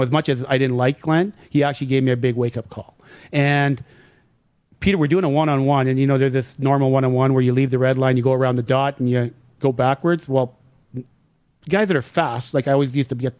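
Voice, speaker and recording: A middle-aged man, a former pro hockey player, telling animated stories in an interview and acting out what people said. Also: medium pitch, no echo. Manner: animated anecdotes acting out quoted dialogue. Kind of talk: casual storytelling in an interview.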